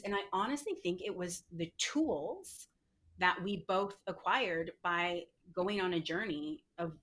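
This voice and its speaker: Brief: middle-aged woman guest, low-pitched voice, candid, filler-heavy storytelling. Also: a bit bright. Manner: frequent "like" fillers, emotional retelling. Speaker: podcast guest, entrepreneur.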